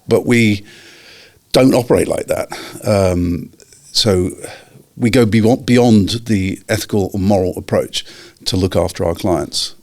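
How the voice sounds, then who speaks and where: Brief: man, very low voice, careful and hesitant delivery. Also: darkish tone. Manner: measured and hesitant, many ums and restarts. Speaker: podcast co-host. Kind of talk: casual business podcast chat.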